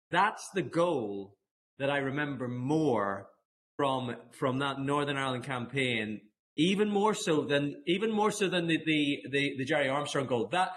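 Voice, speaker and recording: A man guest on a podcast, retelling football memories in lively casual chat full of restarts and laughter. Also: on the high side. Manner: lively storyteller, many restarts, frequent laughs.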